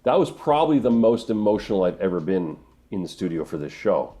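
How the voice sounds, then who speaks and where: A middle-aged man, a voice actor, answering interview questions in an earnest, emotional way, often pausing and restarting. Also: deep voice, sing-song, dark tone, faint music behind. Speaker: voice actor guest.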